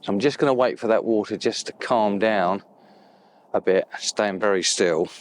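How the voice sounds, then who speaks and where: A man's voice: on the low side, moderate pace, a little hiss or hum. A man filming an outdoor photography vlog beside a loch, talking enthusiastically and at times dropping to a whisper. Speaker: landscape photographer.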